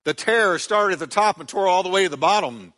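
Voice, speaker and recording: A male pastor delivers a sermon in a church sanctuary with a fairly high, bright, forceful voice. He reads scripture with dramatic voiced quotes and then prays, and his words ring out with a long hall reverb. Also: lively intonation, brisk.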